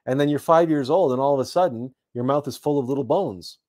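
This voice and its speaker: A man from Canada recounting a childhood story in a reflective talk, halting often and repeating words with many fillers. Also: mid-range voice, a little mellow. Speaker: host.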